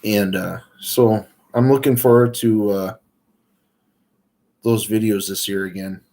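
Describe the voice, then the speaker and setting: Guy rambling on his livestream, kinda low voice, real slow and laid back. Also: steady tone, darkish tone. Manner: rambling, easygoing, many fillers. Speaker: outdoors livestream host. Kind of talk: casual livestream chat.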